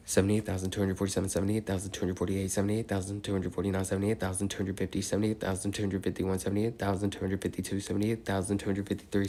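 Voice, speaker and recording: Young guy w a really low voice rattling off numbers quick, drifts into loose chatty tangents. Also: slight background noise. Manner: steady rapid number recitation, rambling slangy tangents. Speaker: streamer counting aloud. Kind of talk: monotone counting with casual asides.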